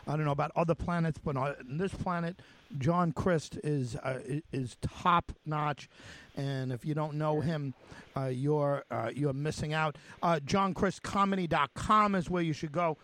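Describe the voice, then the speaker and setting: Halting New York radio host man. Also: fairly high pitch, steady tone, fairly bright tone. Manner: halting, many fillers and restarts. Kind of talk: casual radio interview.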